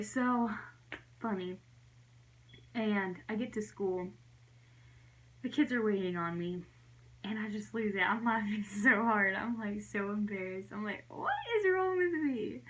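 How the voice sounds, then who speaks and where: A young woman chats straight to the camera in a casual story-time vlog, her voice sitting at an ordinary middle pitch. She rambles through the story, giggles often and slips into soft whispers for her asides. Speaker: vlogger.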